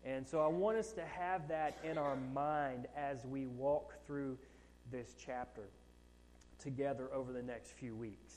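A man preaching a sermon, telling a self-mocking story from his own life, with animated, shifting emphasis. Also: medium pitch, a little slow, big-room sound, slight background noise. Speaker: pastor.

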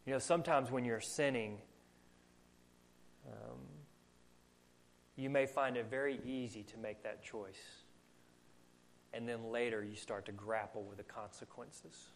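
A man's voice: mid-range voice, fairly even intonation, unhurried, long pauses. Earnest Southern US man preaching. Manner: earnest, asks rhetorical questions. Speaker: pastor. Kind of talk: sermon.

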